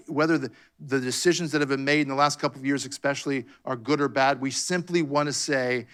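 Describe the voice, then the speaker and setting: A man's voice: medium pitch, fairly even intonation, fairly quick, a bit bright. A man pastor preaching a fervent sermon, calling out "come on" and "amen" to his congregation. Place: church sanctuary.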